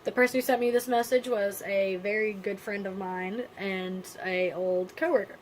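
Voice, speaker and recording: Woman vlogger, mid-pitched, subdued and halting, candid storytelling delivery over faint background noise. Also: steady tone, poor audio. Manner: subdued, halting and quiet, with frequent pauses; candid, casual with blunt swearing. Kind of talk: personal storytelling to camera.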